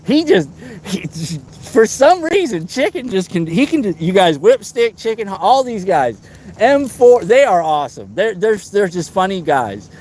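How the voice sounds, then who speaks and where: Excitable high-voiced man streaming live. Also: unhurried. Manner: excitable, whoops and laughs, playful teasing. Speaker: fishing livestream host. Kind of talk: casual live-stream chat.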